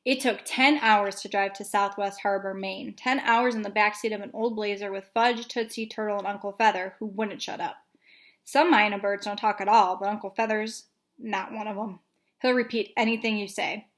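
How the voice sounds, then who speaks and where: Young teacher, storytime read-aloud for kids, relaxed and casual, woman. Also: medium pitch, moderate pace. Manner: casual, with fillers. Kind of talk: reading a chapter book aloud to children.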